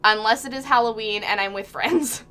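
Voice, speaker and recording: A woman's voice: a little high, normal speed, pushed and bright, clean tone. A young woman streaming live while painting, chatting casually, reading out chat messages with lots of fillers and little laughs.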